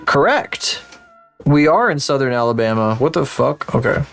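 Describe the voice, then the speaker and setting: A man's voice: mid-range voice, lively intonation, moderate pace, vocal fry, a bit bright, faint music behind. A man streaming live, thinking aloud and swearing casually as he plays a geography guessing game. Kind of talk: casual livestream commentary while playing a geography game.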